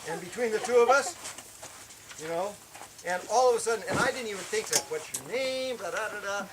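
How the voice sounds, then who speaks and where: A man tells a personal story at a camp worship service, his voice sitting high and lively. He acts out the shouted lines of the story with energy. The recording carries clear background noise. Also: a little fast. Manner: animated, acts out shouted quotes.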